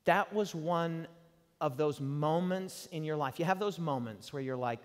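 A man in his forties preaching a sermon and telling a personal story, swinging from loud bursts to hushed tones. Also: on the high side, unhurried. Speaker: pastor. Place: large hall. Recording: hall reverb from live sermon.

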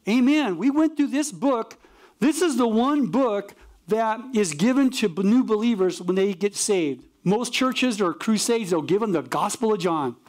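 A man's voice: high-pitched, moderate pace. A man pastor delivering a sermon, telling stories with acted-out dialogue and punchy emphasis. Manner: animated storytelling, acts out dialogue.

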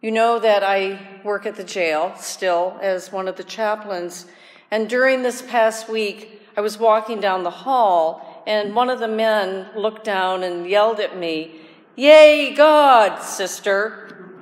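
A woman deacon delivers a sermon at an unhurried pace, her gentle, prayerful words carrying a long reverberant tail in the church. Now and then her voice lifts into a joyful exclamation. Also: mid-range voice, steady tone. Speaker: deacon preaching. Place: church sanctuary.

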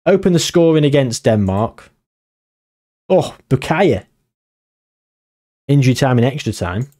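A young man giving casual gameplay commentary, animated and exclaiming, chatting to his viewers as "gang". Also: on the high side. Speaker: gaming YouTuber.

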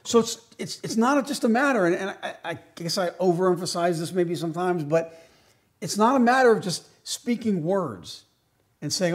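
A man preaching a sermon as pastor, slowing down to stress key phrases and shifting from loud emphatic lines to quiet asides. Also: high voice, expressive. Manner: slows right down on key phrases.

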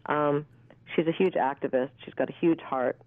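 A woman in her fifties, an actress, telling stories in a candid, animated way with plenty of fillers and the odd swear word. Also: low-pitched, normal speed, dry recording. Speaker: actress and interview guest. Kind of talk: casual storytelling interview. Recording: tinny dry phone line.

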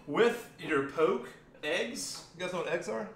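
A man's voice: high-pitched, expressive, slow pace, reverberant, slight background noise. An American man hosting a casual cooking live stream from his home kitchen, rambling, joking and swearing as he cooks. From United States.

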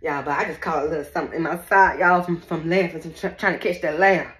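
A woman's voice: sits low, fairly even intonation, quick pace, a bit bright. A woman giving a casual psychic reading who laughs often and talks bluntly and profanely straight to her viewers. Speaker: psychic reader. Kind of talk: casual spiritual reading chat. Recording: echoey room.

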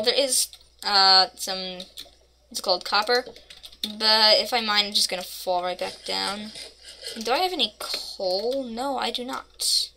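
A woman's voice: medium pitch, background noise. A woman casually commenting on her own gameplay, playful and mock-dramatic, rambling between asides. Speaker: gaming channel host.

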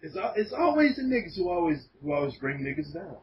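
A man's voice: a little high, fast. A man telling profane stories in a casual podcast chat. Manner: animated, laughing, profane storytelling. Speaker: podcast guest. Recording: dull lo-fi podcast audio with faint noise.

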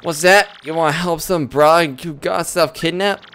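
A man voicing a gruff, menacing male tree-creature mob boss with a put-on mobster accent, reading game dialogue in character. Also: a little high, normal speed, a bit bright. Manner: tough-guy gangster slang, threatening.

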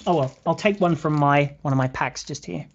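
A man's voice: on the high side, a little fast, a little hiss or hum. A man with a British accent hosting a live beading tutorial, chatting to viewers and counting beads aloud as he works. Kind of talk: live craft tutorial, casual chat. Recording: slightly dull lo-fi sound.

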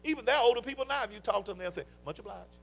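An older pastor with a Southern US accent, preaching a fervent sermon with folksy stories and call-and-response interjections. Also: male voice, very high-pitched, racing, a bit bright. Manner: folksy storytelling. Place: church sanctuary.

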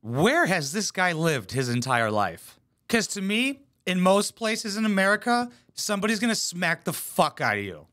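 A man's voice: high voice, sing-song, normal speed, pushed and bright. A man hosting a reaction video, giving blunt, mocking commentary full of swearing. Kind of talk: profane sarcastic commentary.

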